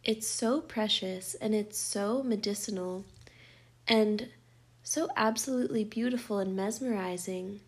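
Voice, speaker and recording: Woman host, soft and reflective, slow deliberate delivery. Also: medium pitch, husky. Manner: soft, thoughtful, drawn-out phrasing. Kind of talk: reflective conversation.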